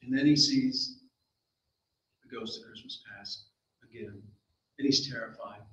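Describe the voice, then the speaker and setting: A man telling a folk story aloud, with lively, dramatic delivery and acted dialogue. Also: mid-range voice, unhurried, echoey room, far from the mic, muffled recording.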